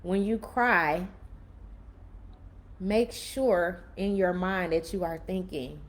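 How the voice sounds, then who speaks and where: Woman on a live stream, cussing, preaching to viewers, kinda low voice. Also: slow pace. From Chicago, USA. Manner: blunt, profane, preacherly. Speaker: livestream host. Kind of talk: casual livestream talk to viewers.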